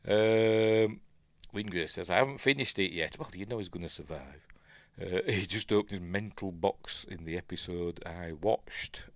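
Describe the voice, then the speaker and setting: Middle-aged Yorkshire man, low voice, dry close sound, chatty rambling commentator. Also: normal speed, dry recording. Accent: Yorkshire English. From Yorkshire, England. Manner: chatty, rambling, self-deprecating asides. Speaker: film review host. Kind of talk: casual live film commentary.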